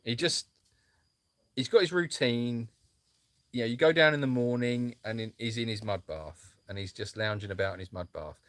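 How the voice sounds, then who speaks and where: A man co-hosting a live stream from an animal sanctuary, who talks in a rambling, jokey, animated way. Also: mid-range voice, normal speed, no echo. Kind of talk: casual live-stream chat.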